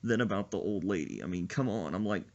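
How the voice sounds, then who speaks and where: In a casual podcast conversation, a co-host with a deep voice tells stories animatedly at a quick pace and laughs often. The audio sounds dull.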